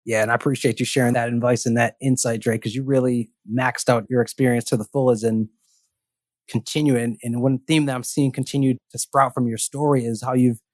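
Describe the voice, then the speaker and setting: A man hosting a podcast, asking interview questions in a measured, thoughtful, affirming way. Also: medium pitch, level tone, no room sound, studio quality. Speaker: podcast host.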